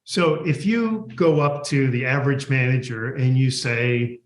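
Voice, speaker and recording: A man's voice: mid-range voice, a little slow, hardly any pauses. A man, a guest author, answering an interview and animatedly acting out workplace dialogue. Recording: echoey room.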